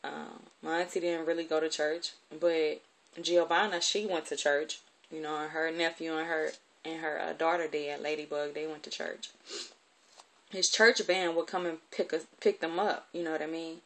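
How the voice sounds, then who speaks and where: A woman's voice: low voice, fairly even intonation, normal speed, a bit bright. A woman telling a personal story from her childhood in a candid, conversational way, with plenty of profanity.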